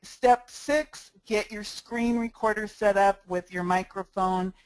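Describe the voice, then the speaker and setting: A sales marketing instructor walks through a step-by-step screencast tutorial on a cheap headset mic, sounding friendly, practical, and smiling as she talks. Her medium-pitched voice is fairly even and slow, with no echo but a rough recording.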